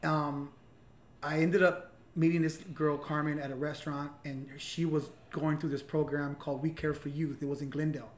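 A man's voice: a little high, flat delivery, moderate pace. A man in his forties talking candidly in a casual conversation, earnest and open, swearing freely. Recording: roomy echo, faint hiss.

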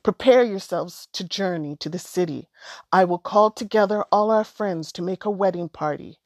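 A woman's voice: lowish voice, normal speed, darkish tone, no echo, clean studio sound. A woman voicing a proud, firm father in a storybook. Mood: fatherly. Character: proud loving father of two daughters.

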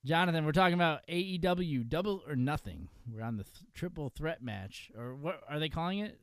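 A man's voice: on the high side, animated, fairly quick, a bit bright, clear, resonant tone, no echo, studio quality. A man from upstate New York with a New York accent, hosting a casual wrestling podcast, joking and laughing often. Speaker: podcast host.

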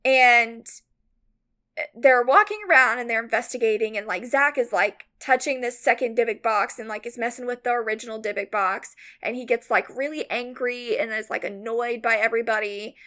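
A woman co-hosting a podcast, casually retelling a story with lots of "like" fillers, rambling and animated. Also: a little high, normal speed. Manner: animated, mock-outraged retelling. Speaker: podcast co-host.

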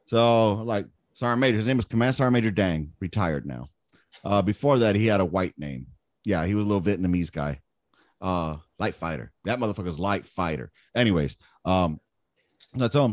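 A man in his thirties, an army veteran, telling war stories in casual chat, profane, animated and boastful. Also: sits low, a little fast, no echo, studio quality.

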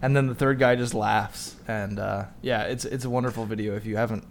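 A man's voice: mid-range voice, steady tone, normal speed. Laid-back man telling a story. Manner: storytelling, laughs often, trailing off quietly. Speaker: podcast co-host. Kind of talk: casual chat.

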